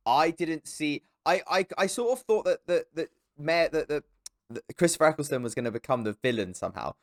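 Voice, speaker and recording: A young man co-hosting a casual film podcast, animated and swearing, often jumping into high mocking voices. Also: brisk, no echo, clean studio sound. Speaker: podcast co-host. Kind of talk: casual film review chat.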